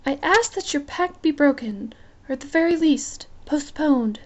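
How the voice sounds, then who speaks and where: A woman's voice: sits high, expressive, moderate pace, lo-fi sound, voice pushed up. A woman reading a novel aloud, voicing a frightened but regal young queen in a raised, earnest, pleading voice.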